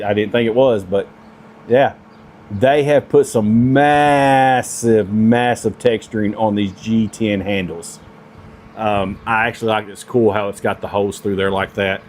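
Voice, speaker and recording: Slow-talking, gushing male knife reviewer. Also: lowish voice, a little hiss or hum. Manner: excitable and gushing, with many fillers and restarts. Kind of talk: casual product review vlog.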